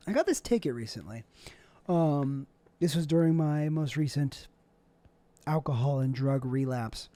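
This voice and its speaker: A man's voice: fairly high pitch, expressive, a little slow, dark tone. A young man hosting his own show, rambling casually from his bedroom at home, joking and putting himself down. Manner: rambling, self-deprecating, jokey. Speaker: show host. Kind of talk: casual solo vlog monologue.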